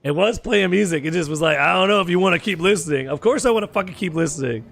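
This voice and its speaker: Hoarse young male streamer with a raised, gravelly voice. Easygoing, profane game chatter. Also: sits high, quick pace, a bit bright, no room sound. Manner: chatty, swears freely, calls people dude. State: hoarse, sore throat. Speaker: gaming streamer. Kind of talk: casual gaming chat with viewers. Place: home gaming setup.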